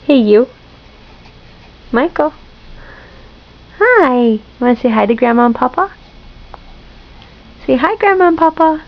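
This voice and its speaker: Woman, sing-song baby talk, very lively pitch, unhurried, muffled home video sound. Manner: sing-song, cooing, repeats phrases. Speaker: parent talking to a newborn.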